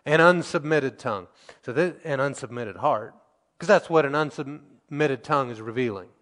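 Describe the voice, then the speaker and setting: A man preaching a sermon, reading scripture aloud and acting out quotes, his loudness swinging between emphatic and quiet. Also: mid-range voice, animated, normal speed, big-room sound.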